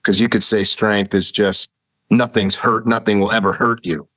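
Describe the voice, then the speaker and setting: Guy on a podcast, kinda low voice, rambling stories, dry close mic. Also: flat delivery, moderate pace, fairly bright tone, no echo. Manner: rambling, vivid anecdotes with acted-out quotes. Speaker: podcast guest, firearms instructor. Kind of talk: casual storytelling conversation.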